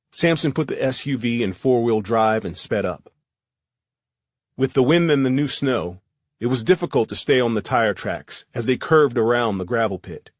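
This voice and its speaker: A man narrating a first-person thriller audiobook in a steady, measured reading. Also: mid-range voice, no echo, clean studio sound.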